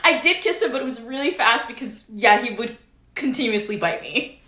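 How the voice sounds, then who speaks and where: A woman's voice: a little high, normal speed, reverberant. A woman guest on a podcast, telling stories in casual chat and laughing as she talks. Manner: animated storyteller, laughs mid-sentence.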